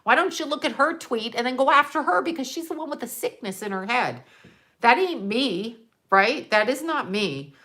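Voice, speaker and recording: A woman's voice: sits high, lively intonation, normal speed, sharp tone. An older woman talking casually to her viewers, rambling from one topic to the next, laughing often and swearing freely while she scrolls through photos. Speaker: psychic vlogger.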